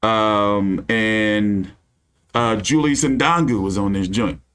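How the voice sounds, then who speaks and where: A man's voice: fairly low pitch, slow, fairly bright tone, clean tone. A man hosting a casual boxing news live stream, with a loose, profane, ranting delivery full of fillers.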